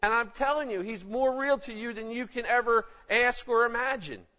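A man's voice: very high voice, normal speed, sharp tone. A man preaching a sermon in an emphatic, conversational way. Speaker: pastor. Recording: dull lo-fi recording.

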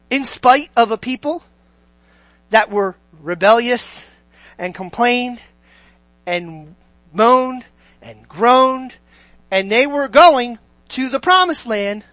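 A preacher giving a sermon, questioning the listeners and swinging from loud to near-hushed. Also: sits high, dry recording, rough recording. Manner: asks the listeners many questions, sweeping between loud and quiet.

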